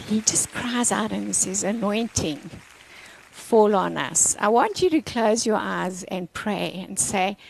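A woman pastor preaching a sermon, telling stories in an animated, playful way with asides. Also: medium pitch, gravelly, poor audio.

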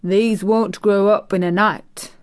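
A woman voicing a surly old male gardener who speaks bluntly in old-fashioned country talk, read in a slow audiobook. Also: mid-range voice, steady tone, no room sound, clean studio sound, natural voice. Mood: patient. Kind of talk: audiobook character voice.

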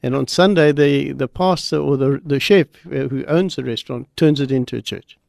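Brief: man, guest pastor, gravelly voice, slow emphatic storytelling. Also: medium pitch, a little mellow, no echo, clean studio sound. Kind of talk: preaching and storytelling on radio.

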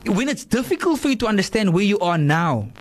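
A man hosting a radio talk show, animated and repetitive, often checking in with "right?". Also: high-pitched, a little fast. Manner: animated, repeats words, asks "right?" often.

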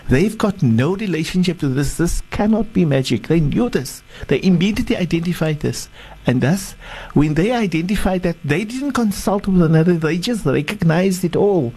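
A sheikh retelling a sacred story in a sermon, halting often and repeating words as he searches. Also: on the high side, warm tone, husky, rough recording.

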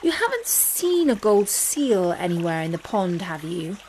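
A woman's voice: lowish voice, big pitch swings, a little slow, a little mellow, a little hiss or hum. A woman voicing an earnest, polite young frog prince in a storybook reading, with an eager, friendly manner.

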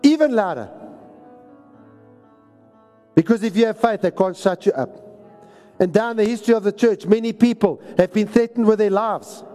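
Here the pastor sounds high-pitched and mellow, speaking fairly quickly with faint music behind him. His sermon echoes through a reverberant hall as he exhorts and repeats lines to drive them home.

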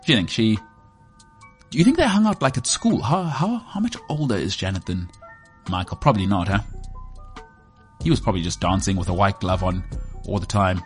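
A man's voice: low-pitched, expressive, a little fast, soft background music. A man in his thirties with a South African accent, hosting a sports show as a rambling, joking, self-mocking monologue. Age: 30s. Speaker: sports podcast host.

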